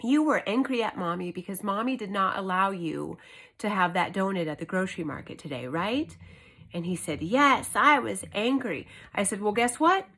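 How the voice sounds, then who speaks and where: A woman in her thirties, a homeschooling mother, telling a story to her camera at home in an earnest, emphatic, animated way. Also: medium pitch, brisk. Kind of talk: casual vlog monologue. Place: indoors at home.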